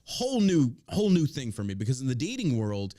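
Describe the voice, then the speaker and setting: A man's voice: mid-range voice, wildly swooping pitch, a little fast, warm tone, no room sound, clean studio sound. A man hosting a podcast, chatting casually with crude jokes, profanity and frequent laughter. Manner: joking, profane, laughs often. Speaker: podcast host.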